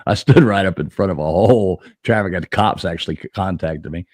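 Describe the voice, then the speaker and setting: Low-voiced man telling a rambling story. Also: brisk, a little mellow, slightly rough, dry recording, studio quality. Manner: rambling, profane, laughs mid-story. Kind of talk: casual storytelling chat.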